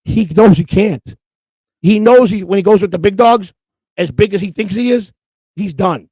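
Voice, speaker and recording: A man's voice: high-pitched, lively intonation, moderate pace, mellow, breathy edge, no room sound. A man co-hosting a streamed morning show, ranting in a profane, repetitive and emotional way. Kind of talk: heated livestream rant.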